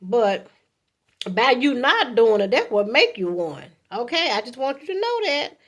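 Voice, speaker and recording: A woman's voice: very animated, a little slow, fairly bright tone. A woman in her fifties giving casual relationship advice to camera in a chatty, folksy way, often checking in with okay. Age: 50s. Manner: chatty and folksy, often adding okay, acts out sweet lines to a partner in a high voice. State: coughing from allergies.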